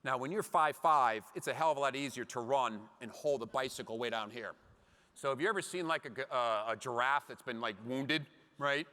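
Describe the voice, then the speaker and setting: A man's voice: medium pitch, brisk. A middle-aged man giving a motivational keynote talk to a conference crowd, acting out little scenes as he tells stories. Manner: animated storytelling, acts out scenes. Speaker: keynote speaker. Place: large conference hall. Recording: long hall reverb.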